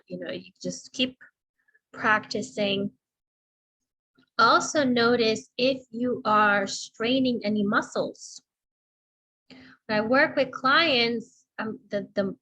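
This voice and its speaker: A middle-aged woman speech therapist giving a slow, deliberate instructional talk, demonstrating intonation as she explains. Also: on the high side, fairly bright tone, poor audio.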